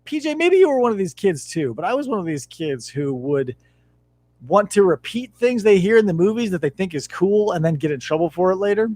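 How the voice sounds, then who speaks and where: A podcast host in his thirties, his voice sitting high and his pace brisk, tells animated stories in a casual, heavily profane chat. The recording is dry.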